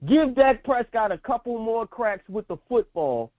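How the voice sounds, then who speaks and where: A man's voice: very high voice, big pitch swings, measured pace, no echo. A man co-hosting a sports show, arguing football in a casual, insistent way. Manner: insistent, talks over his co-host. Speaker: sports podcast co-host. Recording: tinny phone-like line.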